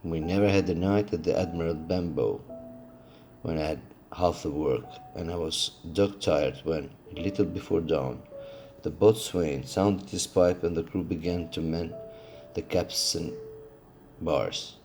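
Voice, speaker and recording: A man reading a classic adventure novel aloud, steady but with occasional slips and restarts. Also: sits low, unhurried, soft background music. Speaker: audiobook reader.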